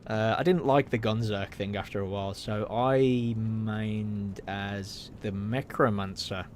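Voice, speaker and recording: A man giving live, excitable commentary while playing a video game, reacting loudly, swearing and laughing often. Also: lowish voice, a little slow, a little hiss or hum. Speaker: streamer.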